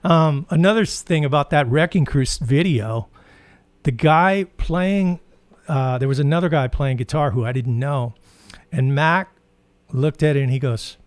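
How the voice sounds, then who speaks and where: A man's voice: a little high, moderate pace, smooth, no echo. A man hosting a guitar channel, casually telling rambling anecdotes full of fillers. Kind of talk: casual storytelling.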